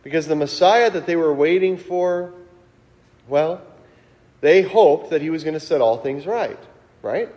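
A man's voice: fairly high pitch, a little slow, pauses often, a little mellow, in a large hall. A man preaching a sermon as pastor, in a conversational storytelling way that builds to emphatic peaks. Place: church sanctuary.

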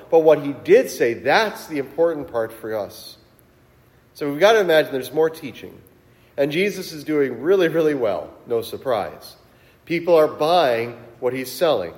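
A man's voice: a little high, darkish tone, long reverb tail. A man preaching a sermon as pastor, in a conversational storytelling way that builds to emphatic peaks. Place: church sanctuary.

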